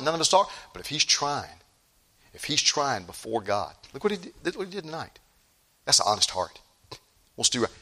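Male pastor, sermon, emphatic, bright ringing voice, loud-to-hushed swings. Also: lowish voice.

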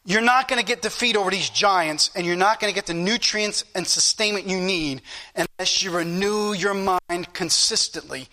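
A male preacher with a high, bright voice delivers an earnest sermon. He keeps returning to the same points and reads scripture aloud before explaining it to the congregation.

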